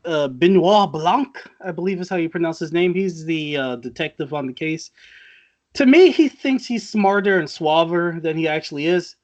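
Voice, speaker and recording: A man co-hosting a casual podcast chat, animated and laughing, often mimicking movie characters. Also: on the high side, normal speed, dull audio. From Trinidad. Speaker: podcast co-host.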